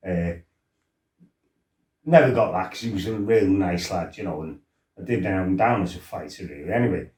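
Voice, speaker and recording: A man's voice: deep voice, moderate pace, long pauses, a little mellow, roomy sound. A middle-aged man tells his life story casually, laughing, swearing and acting out what people said. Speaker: former fighter telling his life story.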